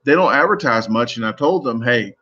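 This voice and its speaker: Brief: man, mid-pitch voice, casual live stream chat, rambling stories, muffled lo-fi audio. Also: animated, a little fast, a bit bright. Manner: rambling, self-interrupting storytelling. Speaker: competitive eater streamer.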